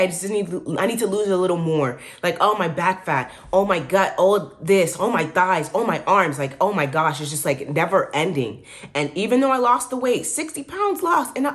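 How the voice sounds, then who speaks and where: Young woman vlogger, slightly low voice, candid and slangy, encouraging pep-talk delivery to camera. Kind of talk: casual motivational talk to camera.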